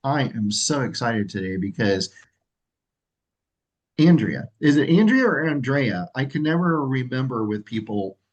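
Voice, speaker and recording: A man's voice: medium pitch, animated, measured pace, long pauses, highs cut off. A man hosting a livestream as association president, talking in an upbeat, rambling way with fillers. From California. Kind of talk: livestream presentation.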